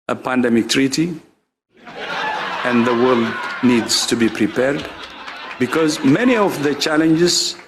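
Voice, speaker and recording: Measured man over background noise. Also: mid-range voice. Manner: measured, reassuring. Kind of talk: public address clip.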